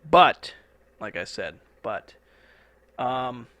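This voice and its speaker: A man's voice: medium pitch, very animated, very slow, pushed and bright, no echo. A man hosting a podcast alone from a studio, talking in a laid-back, rambling way with casual swearing. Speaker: podcast host. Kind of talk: casual solo podcast talk.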